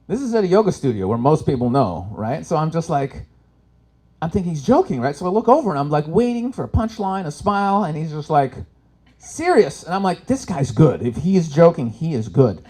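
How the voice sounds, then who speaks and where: A man performing live stand-up, telling stories with sudden loud shouted impressions. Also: a little high, big pitch swings, brisk. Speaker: stand-up comic. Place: expo stage before an audience.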